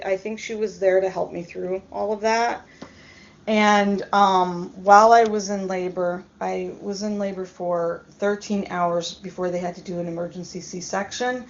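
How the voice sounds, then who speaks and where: A woman telling a personal story in a casual, hesitant way, with many pauses and ums. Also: mid-range voice, a little mellow. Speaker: storyteller vlogger. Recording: dull lo-fi recording.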